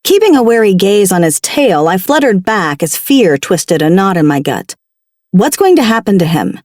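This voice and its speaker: A woman narrating a paranormal romance audiobook in the first person, with a wry, expressive delivery. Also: medium pitch, moderate pace, no echo, studio quality.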